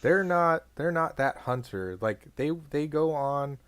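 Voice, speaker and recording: A young man co-hosting a podcast, talking casually in a rambling way, full of "like" and quick laughs. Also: fairly high pitch, animated, fairly bright tone, clear, resonant tone, no room sound. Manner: rambling, lots of "like", laughs often. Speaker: podcast co-host. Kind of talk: casual chat.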